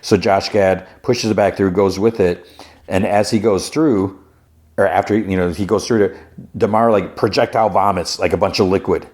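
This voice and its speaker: Deep-voiced man casually recapping a show. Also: steady tone, moderate pace, darkish tone. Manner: slips into raised-pitch voices for quoted characters; loose, rambling, restarts often. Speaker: podcast host recapping a TV episode. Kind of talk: casual recap with acted quotes.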